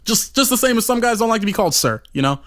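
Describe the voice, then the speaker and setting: High-voiced man telling a rambling, profane story. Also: big pitch swings, rapid-fire, a bit bright. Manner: rambling and profane, full of "you know" fillers. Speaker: podcast storyteller.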